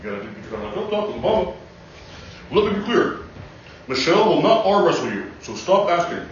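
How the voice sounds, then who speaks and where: A man doing an impression of a measured, cool-headed male president who speaks with deliberate pauses. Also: high voice, big pitch swings, a little hiss or hum. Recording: very echoey, distant lo-fi room recording.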